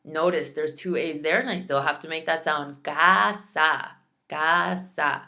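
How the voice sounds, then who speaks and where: Woman teacher, low voice, bright tone, slow clear word drills, chatty asides. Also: steady tone. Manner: clear, drawn-out pronunciation drills; chatty and self-teasing. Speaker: Spanish teacher. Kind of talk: recorded class lesson.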